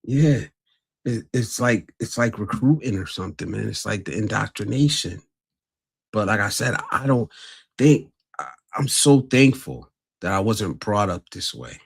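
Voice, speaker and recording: Deep husky-voiced man hosting a livestream. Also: expressive, a little slow. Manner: greets chat viewers, blunt and earnest. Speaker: livestream host. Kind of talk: casual livestream talk.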